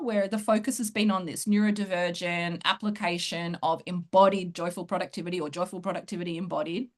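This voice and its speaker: Excited laughing woman coach. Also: mid-range voice. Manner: excited, laughs often, fast bursts. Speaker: host and coach. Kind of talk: casual interview chat.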